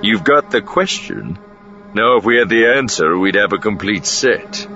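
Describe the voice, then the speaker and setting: A male narrator voicing a smug male pirate lackey who speaks archly and slowly. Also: on the low side, lively intonation, creaky, sharp tone, muffled recording, soft background music, heavily acted. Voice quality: arch, drawling.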